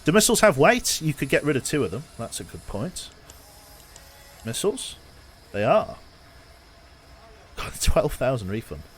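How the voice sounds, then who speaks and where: A man's voice: medium pitch, very animated, moderate pace, pauses often, fairly bright tone. Male streamer, mid-range voice, casual running commentary to chat, heavy game engine noise underneath. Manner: chatty, thinks aloud, talks to chat.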